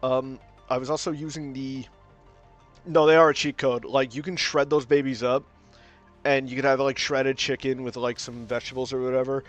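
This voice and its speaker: A young man chats casually on stream while drawing, rambling with plenty of fillers and restarts. He swears freely and gets loud and animated when ranting. His voice is medium-pitched at a moderate pace, with faint music behind him.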